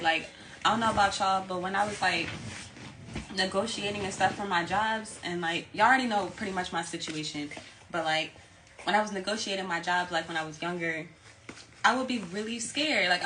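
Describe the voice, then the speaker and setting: A woman's voice: mid-range voice, steady tone, fairly quick, background noise. A woman giving a casual tarot reading, talking candidly, swearing now and then and repeating her phrases. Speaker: tarot reader.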